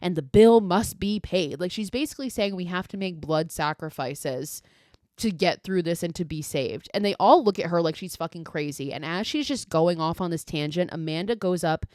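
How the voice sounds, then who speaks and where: A young woman runs through a film's plot for her podcast, swearing freely and slipping into the characters' lines. Her voice sits a little low, and the recording is dry and close with no room sound. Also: normal speed, no echo. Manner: profane, animated retelling with quoted lines. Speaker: podcast host. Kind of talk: casual movie recap.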